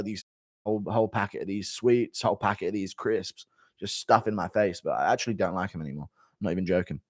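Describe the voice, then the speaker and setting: Male streamer, 25, blunt and offhand, bouncy pitch, dry close sound. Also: a bit bright, no echo. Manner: blunt, offhand, banters with chat. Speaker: livestream host. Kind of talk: casual livestream chat reading donations.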